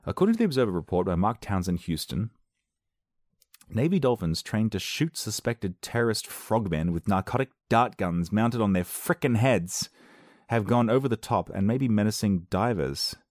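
A man with a very deep voice reads odd news stories aloud and reacts to them. His talk is sarcastic and wanders into rambling asides. The recording is dry and close, with no room sound. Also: animated, normal speed, a little mellow, no room sound. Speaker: video host. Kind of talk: reading and reacting to weird news.

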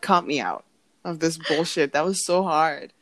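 A young woman chatting casually, telling an animated story, acting out what others said and laughing often. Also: sits low, unhurried, dry recording. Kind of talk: casual chat.

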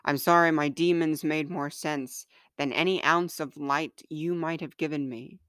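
Woman, author reading her own confessional letters; slow, smooth, close dry sound. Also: deep voice, steady tone, fairly bright tone, no room sound.

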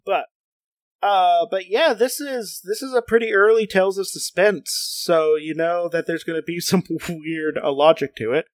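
Man talking in halting casual chat. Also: sits high, no echo, clean studio sound. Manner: hesitant, many fillers and restarts.

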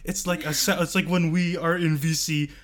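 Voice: medium pitch, flat delivery, normal speed. A podcast co-host in casual chat, making sarcastic, profane jokes with laughing asides.

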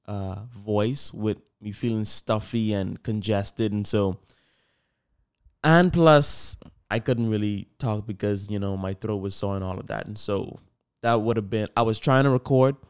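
This is a casual solo podcast in which a young host rambles cheerfully and chattily to his audience. He speaks in a smooth voice that sits on the low side.

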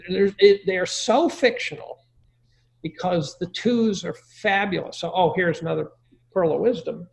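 A man's voice: sits high, normal speed, gravelly. A middle-aged man giving crude, joking parenting advice in a casual conversation.

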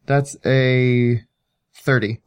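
A man playing a tabletop role-playing game, talking in a relaxed, low-key way. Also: drawn-out words, clear, resonant tone. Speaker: player.

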